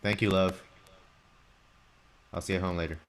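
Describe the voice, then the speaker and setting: A man composing music on a live stream, chatting casually and talking through each software step as he works, with frequent restarts. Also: deep voice, steady tone, moderate pace. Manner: talks through software steps while working, chatty with restarts.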